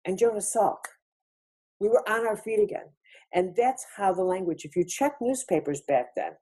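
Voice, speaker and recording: A woman's voice: lowish voice, mellow, breathy edge. A woman giving a spiritual lecture over a webinar, reflective, repeating phrases for emphasis. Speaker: featured speaker.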